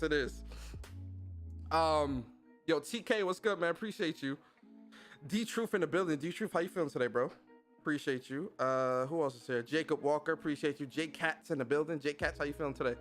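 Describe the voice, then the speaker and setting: A man's voice: a little high, a bit bright. A man hosting a casual livestream podcast, talking with energy and plenty of slang as he greets his chat. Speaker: podcast host.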